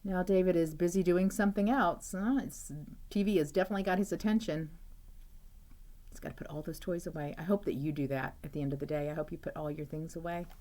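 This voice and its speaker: A woman's voice: fairly low pitch, fast talker, dark tone. A woman teacher reading a picture book aloud to children, chatty and asking them questions, with frequent "uh-oh"s.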